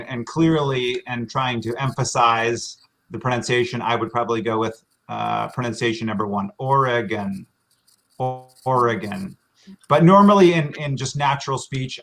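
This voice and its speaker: An American man from Washington State, a virtual tour guide explaining slides in a relaxed, friendly way with many ums and uhs, on a computer mic for a live stream. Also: mid-range voice, normal speed. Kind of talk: casual presentation over slides.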